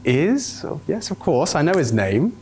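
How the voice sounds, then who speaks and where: A man's voice: fairly high pitch, big pitch swings, measured pace, darkish tone, slight background noise. A male host of an esports show, flustered and hesitant during a comedy bit. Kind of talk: comedy sketch hosting.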